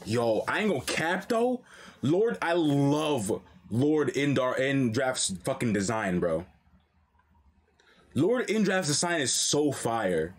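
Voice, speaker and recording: A young man streaming a live reaction to a comic, talking in an animated, slangy, excitable way. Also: mid-range voice, takes it slowly, breathy edge.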